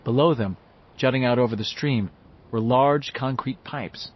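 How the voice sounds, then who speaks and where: A man narrating an audiobook with expressive storytelling. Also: mid-range voice, a little slow. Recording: slightly muffled, dull audio.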